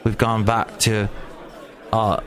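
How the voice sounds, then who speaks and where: A man's voice: mid-range voice, expressive, a little slow, a bit bright, some chatter behind. A man in his forties hosting a solo podcast, rambling with jokes and asides. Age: 40s. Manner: rambling, joking, wandering asides. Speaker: podcast host. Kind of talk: casual solo monologue. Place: small hot room.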